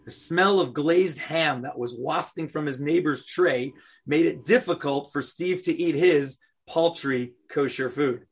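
Unhurried and expressive, a man teaching Torah asks his students questions and brings a story to life. He has a husky, somewhat breathy voice pitched fairly high for a male speaker.

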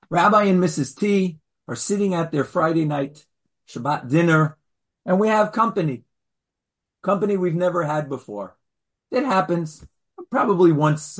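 Husky-voiced rabbi giving a chatty class. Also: male voice, on the high side. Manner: animated and chatty, with playful asides to the audience. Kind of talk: conversational lecture.

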